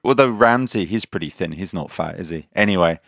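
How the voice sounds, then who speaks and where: A man's voice: low-pitched, expressive, fairly quick, gravelly, fairly bright tone, a little hiss or hum. A man co-hosting a language podcast who quizzes his co-host and jokes about his own explanations. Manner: quizzing, jokey and self-deprecating. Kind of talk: casual language-lesson chat.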